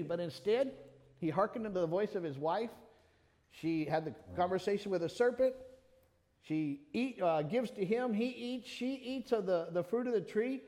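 A man preaching a sermon, animated, calling on members of the congregation by name and quoting scripture. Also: high-pitched, normal speed. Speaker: pastor. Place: church. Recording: long reverb of a church hall.

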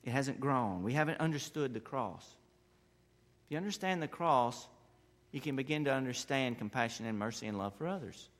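Impassioned male preacher in a reverberant hall. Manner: impassioned, rising to loud emphatic peaks then dropping low. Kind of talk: sermon.

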